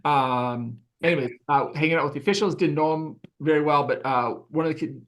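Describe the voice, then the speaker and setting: A man's voice: on the high side, brisk. A man hosting a podcast, chatting and telling rambling stories full of fillers. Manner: rambling, filler-heavy storytelling. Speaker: podcast host. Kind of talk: casual chat.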